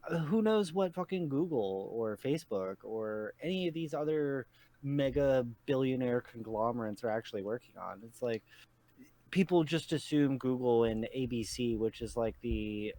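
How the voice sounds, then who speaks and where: A man's voice: medium pitch, animated, normal speed, dark tone. Man ranting with heavy swearing. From New York state. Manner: heated, swearing ranter. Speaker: podcast co-host. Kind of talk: casual chat.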